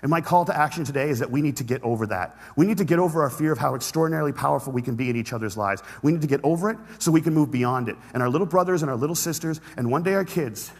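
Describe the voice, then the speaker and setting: A man's voice: medium pitch, husky. A man giving a motivational talk on stage, telling stories with humor and speaking directly to the audience. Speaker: conference speaker. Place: large auditorium stage. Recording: reverberant hall sound.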